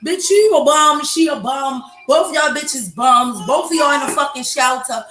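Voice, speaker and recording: A woman's voice: high voice, a little slow, fairly bright tone. Brash, profane woman telling a story. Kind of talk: casual storytime vlog. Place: home with children nearby. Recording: echoey room, faint noise.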